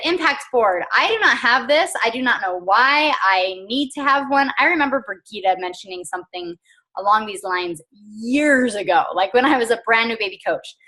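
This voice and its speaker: A woman with a bright, forward voice, talking to her team in a casual motivational call. She is chatty and earnest, filling pauses with "um" and soft laughs. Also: a little high. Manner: chatty and earnest, with frequent fillers and small laughs. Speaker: team coach.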